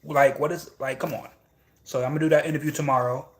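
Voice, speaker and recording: A man's voice: a little high, steady tone, quick pace. Rambling livestreamer man, casual talk. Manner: rambling, repeats phrases, frequent "you know what I'm saying". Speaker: livestream host reading chat.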